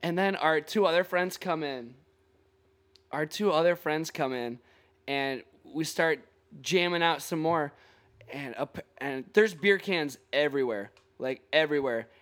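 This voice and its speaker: A young man with a fairly high voice tells a rambling, profane story to his friends in casual chat. He laughs often and curses freely as he goes. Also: unhurried, a bit bright. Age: young adult.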